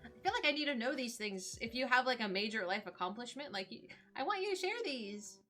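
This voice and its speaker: A woman in her thirties, a streamer chatting casually on a live stream and opening gifts in a bubbly, excitable way. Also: fairly high pitch, a little fast, soft background music. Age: 30s.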